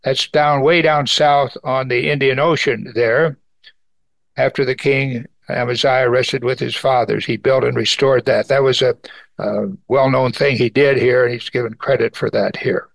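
A man's voice: fairly even intonation, measured pace, gravelly, dry recording. A man teaching an evening Bible study, earnestly reading scripture aloud and lifting his voice to stress key points. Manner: earnest, rises in pitch for emphasis, reads scripture aloud.

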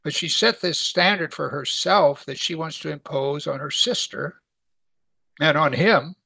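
A man's voice: a little high, measured pace, vocal fry, sharp tone, husky, no echo. A man teaching a weekly Bible study in a conversational way, asking his class rhetorical questions.

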